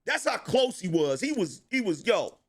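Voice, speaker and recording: A middle-aged man giving casual political commentary, telling it in animated street slang and laughing between lines. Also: sits high, moderate pace, breathy edge.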